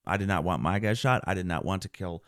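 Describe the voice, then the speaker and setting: A man, a military veteran, recounting his deployment in an earnest podcast interview, often clearing his throat and restarting sentences. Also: sits low, fast talker, fairly bright tone, no echo, studio quality.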